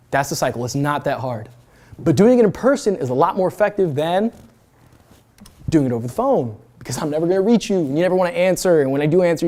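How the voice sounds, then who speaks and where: Addressing students as a guest speaker in a university event room, a man in his twenties gives a brash, high-energy motivational talk. His voice runs on the high side, and he swears casually.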